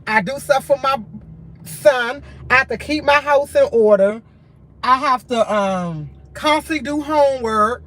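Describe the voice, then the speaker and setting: A woman's voice: high voice, measured pace, a bit bright. A tired woman, talking candidly and earnestly to her livestream viewers in short, repeated phrases. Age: adult with a school-age son, in college. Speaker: livestream host.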